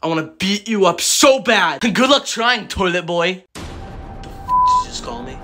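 A man's voice: high voice, wildly swooping pitch, normal speed, music in the background. Mario, a man doing a hot-tempered plumber. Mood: angry. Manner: angry, threatening. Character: adult male plumber, hot-tempered and bossy.

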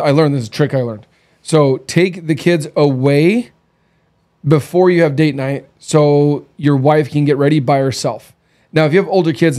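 A man's voice: on the high side, dark tone. A man in his thirties hosting, telling blunt, candid stories in a casual chat. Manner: blunt, candid storytelling with quoted dialogue. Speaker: podcast host.

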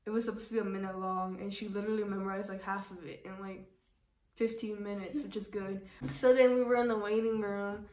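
A woman's voice: medium pitch, little pitch movement, brisk, a little mellow, far from the mic. A young woman telling a casual storytime, chatty and full of "like", acting out what people said. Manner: chatty, fills with "like", acts out quotes. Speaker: vlogger. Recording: roomy echo, voice away from mic.

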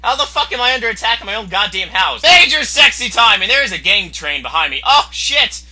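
A young man with a very high, piercingly bright voice rattles off profane commentary over his gameplay. His pitch swings wildly as he jeers at rivals and bursts into yells. The delivery is loud, unfiltered and excitable. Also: fairly quick, few pauses. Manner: excitable, crude, yelling at opponents.

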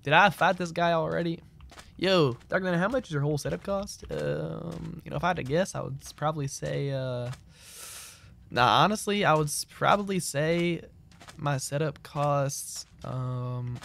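A man's voice: a little high, unhurried, gravelly, a bit bright. A man streaming a game, chatting casually in a loose, slangy, rambling way as he answers his chat. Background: keyboard clicks and typing.

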